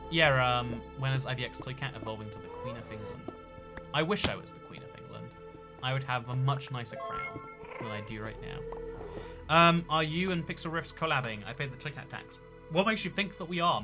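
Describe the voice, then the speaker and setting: A man hosting a casual livestream and reading out chat donations. He talks in a rambling, jokey way, full of fillers and restarts. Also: mid-range voice.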